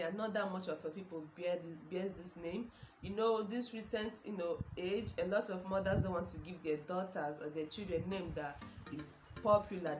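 A young Nigerian woman with a Nigerian accent chatting casually to her viewers, gushing and enthusiastic, repeating words and exclaiming often. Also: fairly low pitch. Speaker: vlogger. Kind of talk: casual chat to camera. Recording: echoey room with music behind.

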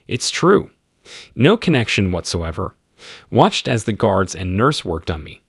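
Husky low-voiced man, dry narration. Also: no room sound. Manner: terse, clipped, matter-of-fact telling. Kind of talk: scripted first-person narration.

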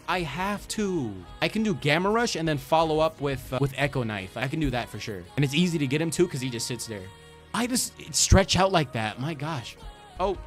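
A young man giving excitable commentary over his own gameplay, talking to the enemy and exclaiming as he plays. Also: mid-range voice. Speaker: gaming YouTuber.

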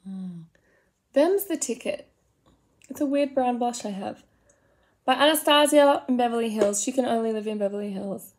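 A woman in her forties with an Australian accent, chatting through a comedic makeup routine. She rambles, mocks herself and slips into soft whispered asides. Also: a little high, fairly quick. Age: 40s. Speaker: makeup vlogger. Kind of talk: comedic get-ready-with-me chat.

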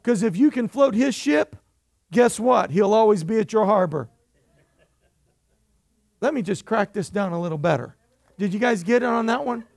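A man's voice: high-pitched, expressive, moderate pace, vocal fry, pauses often, a little mellow, no echo. A male pastor preaching a sermon in church, emphatic and jokey, calling for amens from the congregation.

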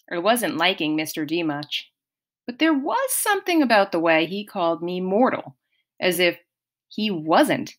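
Woman, audiobook narrator, slow, expressive, measured storytelling. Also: on the low side.

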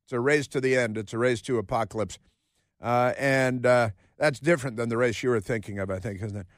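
A male radio host talks through a sarcastic, meandering monologue, his pitch sitting in an ordinary middle range. He pads his talk with "uh" and restarts. The studio recording is dry and close. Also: a little fast, no echo. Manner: sarcastic, rambling, with many filler words.

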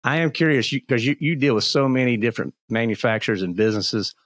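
A man's voice: medium pitch, expressive, fast, fairly bright tone, no room sound. Casual male podcast host, friendly interviewer, dry close sound. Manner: casual, friendly, asks open questions. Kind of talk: conversational interview.

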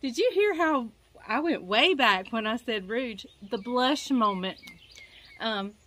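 A woman's voice: on the high side, animated, slow, fairly bright tone. A woman chatting casually in a home-remodel vlog, rambling and correcting herself as she goes. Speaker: vlogger, pastor's wife. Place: outdoors at home.

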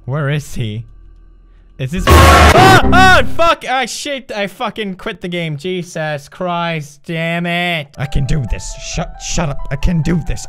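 A man in his twenties commentating a horror game, talking to himself, yelping and cursing when scared. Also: on the high side. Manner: jumpy, screams and swears, talks to himself. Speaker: gaming video host.

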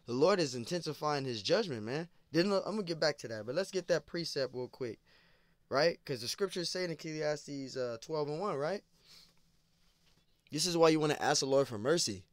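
A man's voice: fairly high pitch, expressive, moderate pace, dry recording. A man giving an informal scripture lesson, repeating phrases and peppering his talk with "man" and "you know.". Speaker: preacher.

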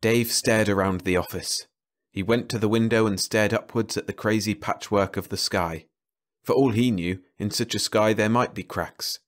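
A man narrating a science fiction novel as an audiobook, with a slow, even storytelling delivery. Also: fairly low pitch.

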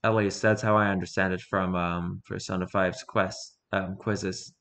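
A man's voice: sits low, flat delivery, measured pace, fairly bright tone. A man reading a fan story aloud, often tripping over words and adding casual asides. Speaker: story reader.

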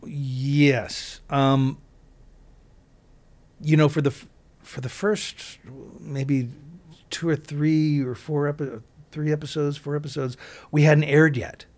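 A man's voice: a little high, level tone, slow, darkish tone. A man, an actor guest in an interview, telling a story in a casual, rambling way with many restarts and asides.

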